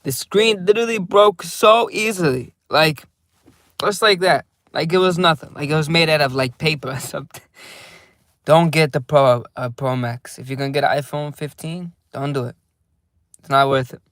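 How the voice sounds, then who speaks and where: A man's voice: fairly high pitch, moderate pace, fairly bright tone, dry recording. Laid-back young man vlogging from his car. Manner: loose, rambling, laughs often, playful. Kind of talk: casual vlog chat. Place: inside a parked car.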